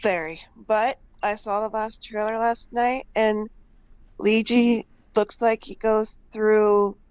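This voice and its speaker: A woman's voice: medium pitch, fairly even intonation, slow, darkish tone, clear, resonant tone, no echo. A woman calling in to a trivia show, sleepy after just waking up. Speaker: caller. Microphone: call-in line. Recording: dull dry call audio.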